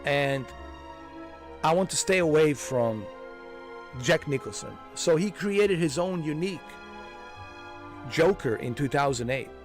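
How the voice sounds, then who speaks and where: Excitable, rambling man with music behind. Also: fairly high pitch, measured pace, long pauses. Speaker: gaming streamer. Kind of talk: casual chat during a game walkthrough.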